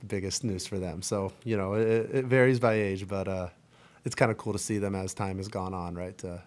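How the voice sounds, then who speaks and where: Halting low-voiced man at a press conference. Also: steady tone. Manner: halting, with many fillers and restarts. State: choked up, near tears. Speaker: baseball pitcher at a press conference.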